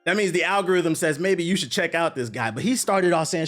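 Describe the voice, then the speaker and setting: Animated, ranting young man. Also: a little high, a little fast, soft background music. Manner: animated, profane, emphatic ranting. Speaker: streamer and commentator. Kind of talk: casual reaction commentary.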